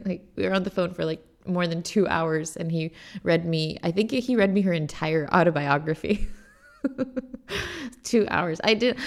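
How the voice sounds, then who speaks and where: Gravelly-voiced woman hosting a podcast. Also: on the low side. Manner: rambling and self-deprecating, laughing often. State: tearful and choked up while reading. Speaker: podcast host and songwriting coach. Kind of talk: casual solo podcast talk.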